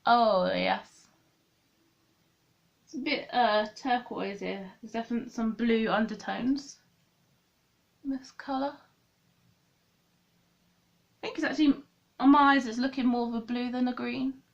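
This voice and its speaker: A woman's voice: on the high side, steady tone, a little slow, creaky, long pauses, highs cut off. A woman chatting through a makeup tutorial, thinking aloud and correcting herself as she goes. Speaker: beauty vlogger.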